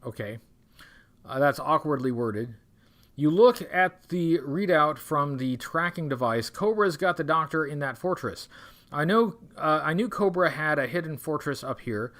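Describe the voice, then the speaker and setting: A man's voice: on the high side, lively intonation, measured pace, a bit bright. A man hosting a livestream, reading an adventure gamebook aloud and breaking off for wry, rambling jokes. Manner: wry, rambling, self-interrupting. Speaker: livestream host.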